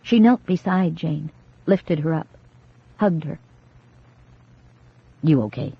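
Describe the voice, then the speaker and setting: An audiobook narrator giving steady, measured scripted horror narration. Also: medium pitch, vocal fry, breathy edge, no room sound. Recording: dull lo-fi dry recording.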